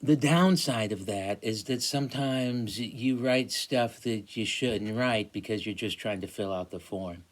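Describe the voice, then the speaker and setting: Halting lecturing man, fairly low voice. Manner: halting, many ums and restarts. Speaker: teacher. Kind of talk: classroom lecture.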